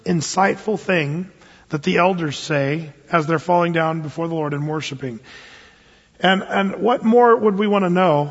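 A pastor preaches to his congregation, his man's voice a touch higher than most and a little husky. He moves between earnest scripture reading and thoughtful asides. The sound is dull and rings with long hall reverb. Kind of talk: sermon.

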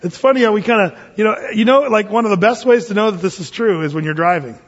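A man with a fairly high voice gives a relaxed, folksy Bible sermon with joking asides. His words ring out with a long reverb, as if he is in a large hall. The sound is muffled and lo-fi. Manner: folksy, with humorous asides and slow scripture reading. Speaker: pastor. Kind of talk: conversational Bible teaching sermon.

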